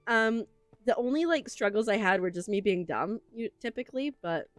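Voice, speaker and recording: A woman's voice: mid-range voice, lively intonation, moderate pace, no echo, soft background music. A young woman streaming a game, chatting casually to viewers in a gushing, emotional way with lots of fillers, close on a desk microphone. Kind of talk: casual livestream chat while playing.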